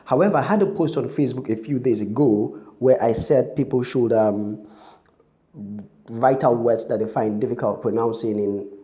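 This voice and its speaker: Mellow-voiced man teaching pronunciation. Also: mid-range voice, moderate pace. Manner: spells words out letter by letter, frequent "you know" and "um". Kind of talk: spoken English pronunciation lesson.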